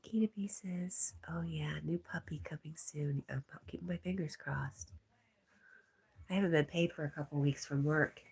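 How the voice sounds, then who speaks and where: Livestream host, woman, deep breathy voice, relaxed chat with viewers. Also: normal speed. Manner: reads viewer comments aloud, often softly whispered.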